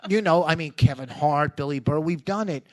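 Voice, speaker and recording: Picture a comedian from the East Coast holding court on a live podcast stage, his voice sitting a touch on the high side. He talks in a brash, rambling run of stories. He keeps circling back before he lands the point. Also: moderate pace.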